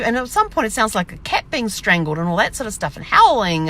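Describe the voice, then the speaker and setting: This vlogger's mid-range voice swings widely in pitch, fast and a bit bright. She tells a rambling, casual diary vlog from her camper and acts out her own quotes along the way.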